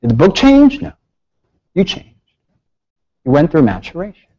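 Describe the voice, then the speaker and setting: A man giving a public lecture, telling stories with lively rhetorical questions. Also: a little high, normal speed, lo-fi sound. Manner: animated storytelling with rhetorical questions. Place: lecture hall.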